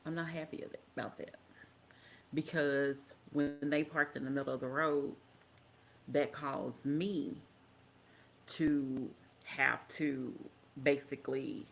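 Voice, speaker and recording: A podcast co-host telling a story in casual chat, speaking in a slow, measured way with pauses. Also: medium pitch, fairly even intonation, creaky, a little hiss or hum.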